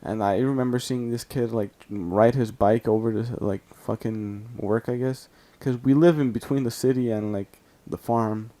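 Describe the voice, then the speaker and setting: A man's voice: mid-range voice, fairly even intonation, moderate pace, hardly any pauses, dark tone. A man from California casually telling a story over gameplay, rambling with lots of fillers and swearing. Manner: rambling and profane, heavy use of "like". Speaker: storytime YouTuber.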